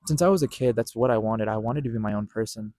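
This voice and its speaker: A man's voice: fairly low pitch, fast, mellow, no echo. A young man hosting a podcast, earnestly telling a personal story, repeating himself and stopping to correct his own words. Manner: earnest, repetitive, with self-corrections. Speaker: podcast host.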